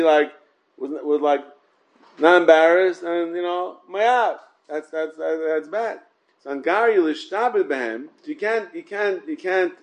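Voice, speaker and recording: A man with a slightly high voice teaches Torah, giving a casual English Talmud class laced with Hebrew and Yiddish terms. He often repeats words and asks rhetorical check-ins such as "yeah?" and "right?" The recording is rough.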